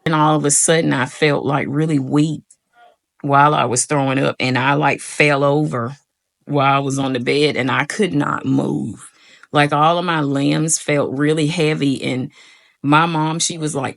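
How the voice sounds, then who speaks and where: A woman's voice: sits low, fairly even intonation, unhurried, creaky. A young woman telling a personal story to her viewers in a casual, rambling way, full of "like" and "y'all". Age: young adult. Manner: rambling, frequent "like" fillers, addresses viewers as y'all. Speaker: vlogger.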